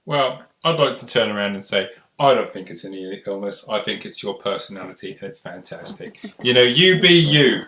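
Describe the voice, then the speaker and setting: A man's voice: fairly low pitch, lively intonation, moderate pace, hardly any pauses, pushed and bright, echoey room. A man hosting a casual live-stream chat, chatty and rambling in an encouraging way. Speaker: host.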